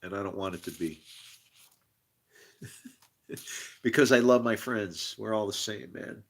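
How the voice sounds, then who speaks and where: Slow-talking guy on a live stream, fed up and laughing it off, cursing at stuff. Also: lowish voice, creaky. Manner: exasperated, laughing often, swearing; talks to viewers directly. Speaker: streamer studying scripture. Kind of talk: rambling live-stream monologue.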